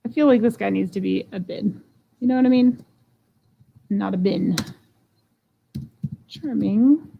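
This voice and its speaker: A woman's voice: fairly high pitch, vocal fry, darkish tone, a little hiss or hum. A woman selling jewelry on a live stream, chatting playfully and joking about herself as she unboxes and runs auctions. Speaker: online jewelry seller. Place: home room.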